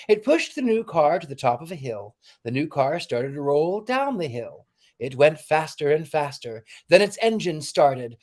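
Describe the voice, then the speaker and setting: A man hosting a livestream with a warm, theatrical, exclamatory manner, chatting and reading a storybook aloud. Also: fairly high pitch. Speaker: livestream host.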